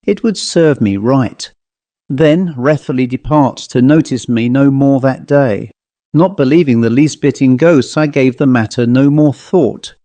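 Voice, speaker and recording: A man reading a ghost story aloud in a measured, wry storytelling manner, as an audiobook narrator. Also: medium pitch, mellow, no echo.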